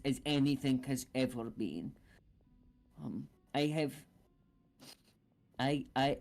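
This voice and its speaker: Male player as young female adventurer, emotional, halting, slow delivery. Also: mid-range voice, a little mellow, lightly acted. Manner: halting, stammering, apologetic. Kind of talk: roleplaying a tabletop game character.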